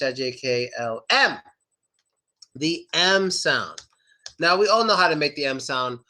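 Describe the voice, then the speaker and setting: Upbeat young American male pronunciation teacher, high bright voice, drills words one by one. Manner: lively, repeats words slowly for demonstration. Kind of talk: online pronunciation lesson.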